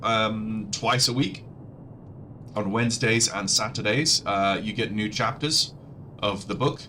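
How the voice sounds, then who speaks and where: A man's voice: fairly low pitch, a bit bright, a little hiss or hum. A man casually commentating his flight-sim livestream, chatty and rambling, often restarting his sentences. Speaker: livestreamer and audiobook narrator.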